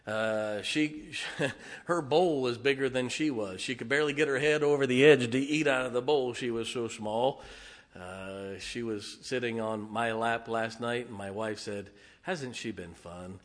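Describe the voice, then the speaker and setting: A middle-aged man preaches in a church sanctuary, his mid-range voice steady and unhurried. The sermon is homespun and funny, broken up by heartfelt digressions and frequent "uh"s.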